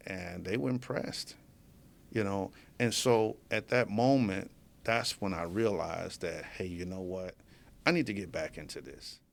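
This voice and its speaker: A man's voice: lowish voice, creaky. A man being interviewed as a guest in a studio, telling his story casually and with animation, often laughing as he talks. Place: media studio.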